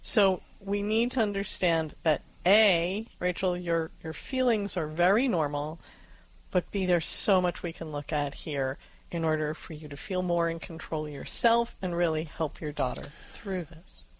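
Woman, lowish voice, dry close sound, co-host, calm, reassuring. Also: measured pace, no room sound, poor audio. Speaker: parenting show co-host. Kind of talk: advice show discussion.

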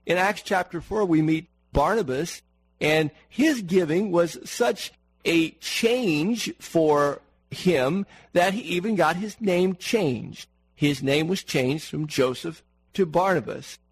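A man's voice: fairly high pitch, slow pace, a little hiss or hum, low-quality recording. A man preaching a sermon in an earnest manner, repeating words for emphasis and asking the congregation questions.

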